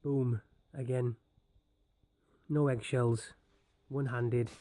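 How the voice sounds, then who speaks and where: A man's voice: mid-range voice, flat delivery, takes it slowly, warm tone, dry recording. Jokey man narrating his cooking. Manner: jokey, self-mocking running commentary. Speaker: home cook vlogger. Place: home kitchen. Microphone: handheld camera.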